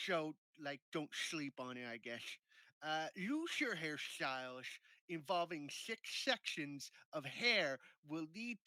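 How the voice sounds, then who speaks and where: A man's voice: fairly high pitch, pushed and bright, no echo, pitched above the performer's own voice, heavily acted. A man voicing a nerdy young man who reads out beauty instructions in a fussy, lecturing manner. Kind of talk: tabletop game banter.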